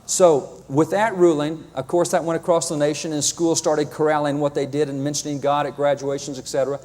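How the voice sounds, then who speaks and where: A man's voice: a little high, level tone, brisk, a little mellow. A man giving a lecture with slides, emphatic and wry, often reading quotations aloud. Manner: reads out quotations. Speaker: public speaker on history. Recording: long hall reverb.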